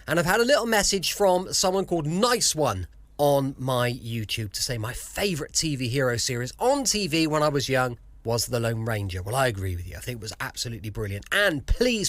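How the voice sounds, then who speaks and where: A man's voice: medium pitch, a bit bright, no echo. A man hosting a podcast from his home, chatting enthusiastically. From south coast of England. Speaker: podcast host. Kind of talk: casual podcast introduction.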